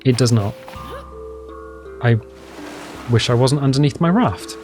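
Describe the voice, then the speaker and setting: A man's voice: medium pitch, unhurried, long pauses, darkish tone, soft background music. A man casually commentating a survival game as he plays, rambling, joking at his own expense and talking to himself. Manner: rambling, self-deprecating, talks to himself. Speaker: gameplay commentator. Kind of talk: casual let's-play commentary.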